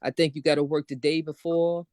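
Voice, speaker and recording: A woman's voice: low voice, flat delivery, a little fast, a little mellow, no echo. A middle-aged woman on a video call, venting at length in a frustrated, casual ranting way. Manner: frustrated ranting, talks in long run-on stretches. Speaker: open mic participant.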